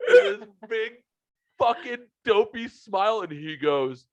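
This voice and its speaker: A man's voice: mid-range voice, normal speed, dry recording. A man hosting a podcast, telling stories casually with lots of swearing and laughter, from a home man cave. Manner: profane, animated, laughing at his own stories. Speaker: podcast host. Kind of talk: casual storytelling chat. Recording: slightly muffled, dry recording.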